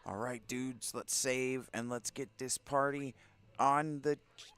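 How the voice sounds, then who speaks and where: A man's voice: medium pitch, steady tone, slow, a bit bright, clear, resonant tone. A man playing through a video game, chatting and cracking crude, self-mocking jokes. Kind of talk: casual let's-play commentary.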